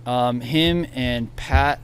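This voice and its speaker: A man's voice: medium pitch, very slow, a little hiss or hum. A man in his thirties on a podcast, telling a story casually and acting out the people he quotes. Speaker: podcast guest.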